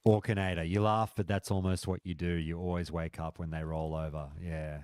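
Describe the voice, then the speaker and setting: A man with a fairly low voice hosts a stream and chats with his viewers. He tells animated stories and swears freely. The recording is dry and close. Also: fairly quick, smooth, dry recording. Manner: frequent swearing, animated storytelling. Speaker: stream host. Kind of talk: casual chat with live chat.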